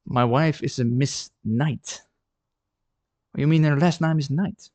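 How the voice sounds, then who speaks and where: A man's voice: on the high side, takes it slowly, a little mellow, no room sound. A chatty man from the Netherlands, talking casually on a live stream from his art studio and often repeating words as he thinks. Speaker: ceramic artist streaming live. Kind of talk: casual livestream chat.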